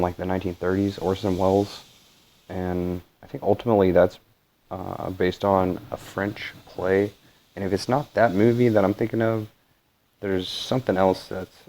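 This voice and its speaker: A channel host rambles through casual vlog commentary, meandering with frequent fillers and correcting himself. He has a low, warm voice, and the audio quality is poor.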